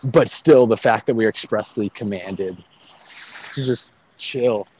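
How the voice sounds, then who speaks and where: In an unhurried, lowish and somewhat mellow voice, this young man chats casually about faith outside near a road. He's animated, laughing and using plenty of fillers, captured in dull lo-fi sound with faint traffic in the background.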